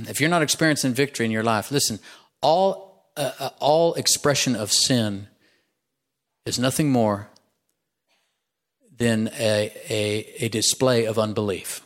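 A pastor preaching a sermon in church, talking conversationally to the congregation and building up to emphatic lists. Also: male voice, mid-range voice, measured pace, pauses often. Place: church sanctuary.

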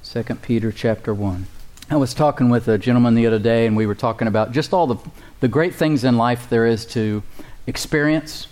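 A man's voice: mid-range voice, a little fast, few pauses, a little mellow. A man preaching a sermon as pastor, calling out to the congregation for responses and chuckling often.

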